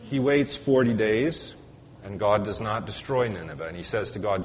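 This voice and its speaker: A man's voice: lowish voice, moderate pace. Male priest preaching in an echoey church. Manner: relaxed storytelling with fillers and dry humor. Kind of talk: conversational sermon. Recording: echoey church hall, faint hiss.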